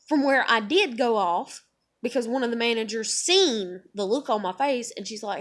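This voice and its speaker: A young woman venting angrily in a vlog. She swears constantly and swings between loud outbursts and low muttering. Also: animated, normal speed. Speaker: vlogger. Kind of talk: angry venting monologue.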